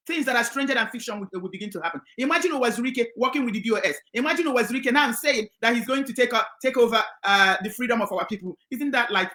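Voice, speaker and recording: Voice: medium pitch, bright, forceful tone. A speaker preaching fervently about God during an online discussion. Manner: fervent, religious. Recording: echoey room.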